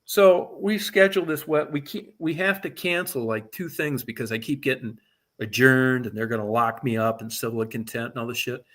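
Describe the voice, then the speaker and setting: Middle-aged male storyteller, casual and profane, animated delivery, mid-pitched voice. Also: moderate pace. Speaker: guest telling a story.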